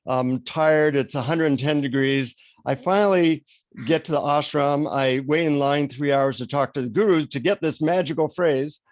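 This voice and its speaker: A man's voice: a little high, moderate pace, no echo. Chatty storytelling man, dry sound. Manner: chatty, animated anecdote-telling. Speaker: guest. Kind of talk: storytelling in an interview. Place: radio show recording.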